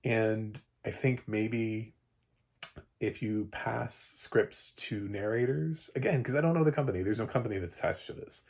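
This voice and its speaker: A man giving a casual, rambling spoken film review, often restarting and jumping up in pitch when animated. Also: moderate pace, gravelly.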